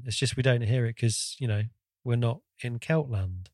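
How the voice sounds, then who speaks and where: A man's voice: mid-range voice, moderate pace, darkish tone, no echo, studio quality. A man co-hosting a podcast in casual chat, teasing and playful with short replies. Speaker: podcast co-host.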